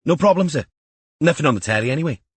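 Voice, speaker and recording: A man's voice: fairly high pitch, lively intonation, fast talker, husky, no echo, pitched above the performer's own voice. A man voicing an eager, jokey young detective constable. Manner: eager, upbeat, joking.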